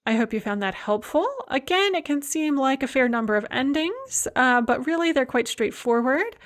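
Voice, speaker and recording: Slow, careful woman teaching a lesson. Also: sits high, animated. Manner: slow, deliberate reading of example words. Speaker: language teacher. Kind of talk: recorded slide lecture.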